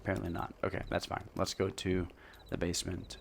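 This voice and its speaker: Casting: low-voiced let's-play host, relaxed and unpolished, reads haltingly with gravel in the voice. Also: male voice, a little hiss or hum. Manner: self-deprecating, loose, halting reading with fillers. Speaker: gameplay host. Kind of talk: casual let's-play narration, reading game text aloud.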